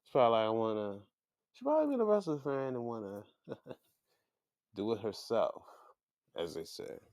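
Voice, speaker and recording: A man's voice: mid-range voice, normal speed, dry recording. A man hosting a show, chatting casually through a recap and acting out what people said. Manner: animated, chatty, acts out quotes. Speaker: show host. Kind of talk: casual wrestling recap commentary.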